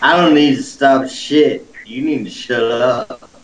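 A man voicing a loud, drunken, belligerent uncle who shouts crude threats in a prank call. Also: mid-range voice, slow, close to an everyday voice, low-quality recording.

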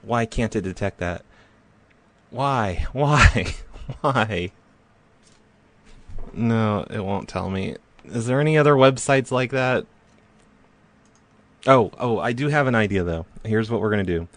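A man hosting a prank call live stream, chatting casually and rambling with halting fillers and self-deprecating remarks. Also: fairly low pitch, lively intonation.

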